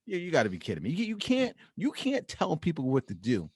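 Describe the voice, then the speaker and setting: A man's voice: huge pitch swings, brisk, husky, no echo, studio quality. A man co-hosting a casual podcast, emphatic and opinionated, his voice jumping up when he makes a point. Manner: emphatic, pitch jumps up to make a point. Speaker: podcast co-host.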